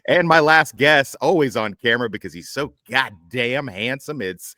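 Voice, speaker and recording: A man's voice: medium pitch, normal speed, bright, forceful tone, no echo. A man hosting a casual group chat, joking, teasing and swearing freely. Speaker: podcast host.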